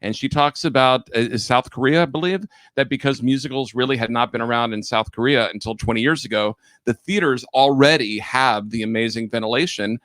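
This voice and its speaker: A man's voice: medium pitch, a little fast, few pauses, a bit bright, dry recording. A man co-hosting a casual livestream chat, chatty and rambling as he explains things. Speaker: co-host of a livestreamed talk show.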